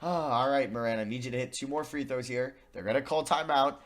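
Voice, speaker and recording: A young man commentating his own basketball video game, muttering plans and then shouting at the plays. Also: mid-range voice, fairly quick. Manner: excitable, swings from muttering to yelling. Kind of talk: gaming commentary.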